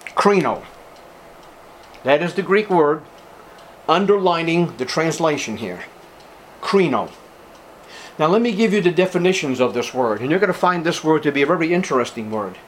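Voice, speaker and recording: A pastor preaching a sermon in a church service, a man with a somewhat high voice. He is emphatic and deliberate, hammering on repeated words and addressing the congregation as beloved. A faint hiss sits under his voice. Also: animated.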